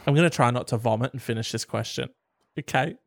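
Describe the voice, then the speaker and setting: A man's voice: medium pitch, quick pace, slight background noise. A man co-hosting a podcast, chatting casually with a teasing, profane, exasperated manner. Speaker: podcast co-host.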